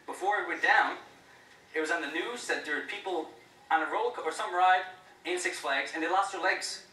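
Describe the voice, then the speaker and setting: A man, a stand-up comedian with dry, deadpan wit, doing a set and an interview. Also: on the high side, fairly quick, echoey room, far from the mic, rough recording.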